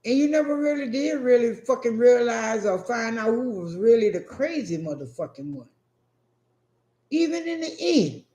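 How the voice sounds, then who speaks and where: A man telling a profane, animated story in a casual rant, acting out what people said. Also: very high voice, normal speed. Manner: profane, animated, acts out quotes. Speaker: vlogger. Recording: echoey room.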